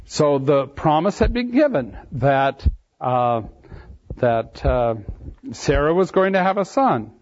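A man's voice: fairly high pitch, animated, slow. A man preaching, reading scripture aloud and explaining it verse by verse, leaning hard on key phrases. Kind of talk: expository Bible teaching. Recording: dull lo-fi sermon recording.

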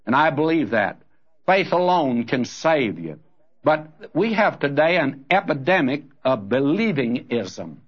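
A man's voice: medium pitch, very animated, unhurried, husky. An earnest man preaching a sermon, speaking straight to his listeners and calling them friend. His voice sits in a middle register. The recording sounds dull and lo-fi, with the top end rolled off. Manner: earnest, direct, addresses listeners as friend and brother.

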